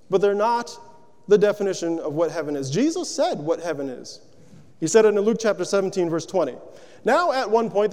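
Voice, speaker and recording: A man's voice: sits high, darkish tone, big-room sound. A man preaching a sermon, working through rhetorical questions in a loose, conversational way.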